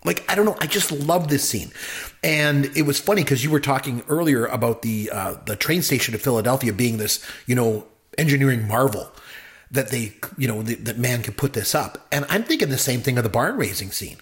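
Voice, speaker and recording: A man's voice: medium pitch, animated, fairly quick. A man co-hosting a casual movie talk, enthusiastic and rambling, with lots of fillers. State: married. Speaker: podcast co-host.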